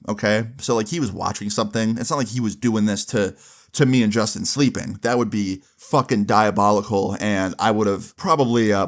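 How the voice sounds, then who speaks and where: A young man casually telling a long story, rambling with many asides and swearing freely. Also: mid-range voice.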